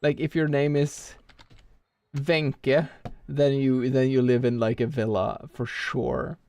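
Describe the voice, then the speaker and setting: Gravelly man chatting while gaming. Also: mid-range voice, level tone, a little slow, mellow, no echo. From Norway. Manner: rambling, many "like" fillers, thinks aloud. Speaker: speedrunner streamer. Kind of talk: casual live-stream chat while playing.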